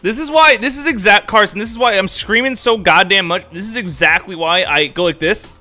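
A young man streaming a game live, excitable and swearing, swinging from loud outbursts to muttering. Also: sits high, fairly quick, faint music behind. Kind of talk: live-stream gaming chat.

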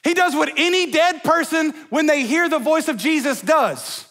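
High-voiced energetic pastor, jokey preaching in a church, with a long hall echo. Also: male voice, a little slow. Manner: energetic and joking, talks to the crowd in slang. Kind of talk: sermon. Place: church sanctuary.

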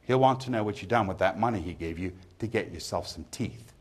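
A man voicing a gossiping working-class woman in a pub, in a loud and emphatic dramatic poetry reading. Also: low-pitched, fairly quick, husky.

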